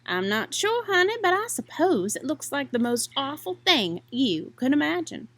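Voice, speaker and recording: Woman as a gentle warning mother possum. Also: high-pitched, big pitch swings, moderate pace, full character voice. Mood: soothing. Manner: soft, soothing warnings.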